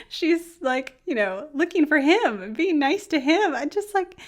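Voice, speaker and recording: A young woman hosting a casual anime review vlog, bubbly and giggly, rambling excitedly with lots of fillers. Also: high voice, a little slow.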